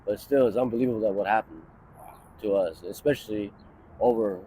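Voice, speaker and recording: With a lowish, dark voice and a slightly fast pace, a man in his thirties rambles through a long story for a casual street interview on a city street by a bus stop, with a little hiss or hum in the audio. He swears a lot and fills his speech with "you know" and "like."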